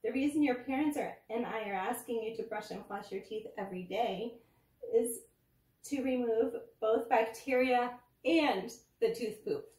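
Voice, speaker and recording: A woman's voice: fairly high pitch, a little slow, darkish tone, lightly acted. A woman doing a cheerful, emphatic dentist. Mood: enthusiastic. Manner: emphatic, exclaiming teacherly delivery. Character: cheerful, enthusiastic adult male dentist. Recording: roomy, from a distance.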